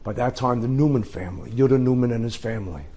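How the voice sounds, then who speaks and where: A middle-aged man, a rabbi, telling an inspirational story in short, dramatic phrases with pauses. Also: medium pitch, mellow, slight background noise.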